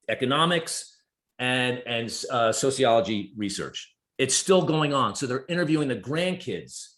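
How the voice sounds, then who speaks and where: A man in his fifties chats as a guest, speaking at an ordinary middle pitch. He tells his stories animatedly and acts out the voices of the people in them, jumping suddenly upward in pitch. The recording has a roomy echo around him. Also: a bit bright. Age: 50s. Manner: storytelling, acts out quoted dialogue with big pitch jumps. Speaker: guest, therapist and executive. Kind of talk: casual conversation.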